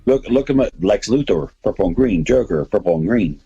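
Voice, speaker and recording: A man's voice: lowish voice, expressive, fairly quick, vocal fry, dark tone, slightly rough, dull audio. A man hosting a podcast, chatting casually and rambling enthusiastically about comics and movies. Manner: rambling, enthusiastic, many restarts. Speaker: podcast host.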